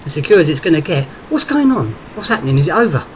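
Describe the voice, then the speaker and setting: A man's voice: fairly high pitch, measured pace, fairly bright tone, recorded from a distance. A man voicing a frightened, stammering male survivor in a spoken story. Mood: anxious. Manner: stammering, panicky. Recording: noisy background hiss.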